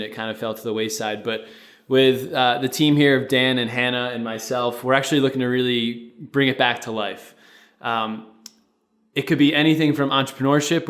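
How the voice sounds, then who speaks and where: Recorded in an echoey studio where a producer is present, this young adult founder and co-host of a podcast speaks at medium pitch with a fairly bright tone. He's casual, wandering slightly and restarting sentences amid fillers.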